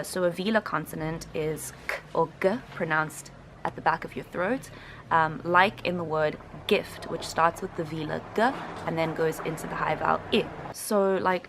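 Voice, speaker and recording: A woman's voice: deep voice, steady tone, normal speed, background noise. A South African woman in her twenties, a linguistics student explaining accents in a reaction video, hesitant with frequent ums. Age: 20s.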